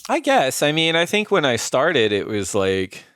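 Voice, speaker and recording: A man's voice: on the high side, huge pitch swings, moderate pace, fairly bright tone, no echo, studio quality. A man co-hosting a podcast, telling stories in a loose, rambling way full of fillers and "like". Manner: rambling, filler-heavy, frequent "like". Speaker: podcast co-host. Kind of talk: casual storytelling chat.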